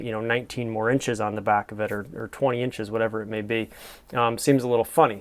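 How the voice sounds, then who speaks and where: Admiring, rambling man with a smooth voice. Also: mid-range voice. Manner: enthusiastic, admiring, rambling with fillers; soft-spoken sleep-friendly delivery. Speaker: host. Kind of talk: casual commentary on classified ads.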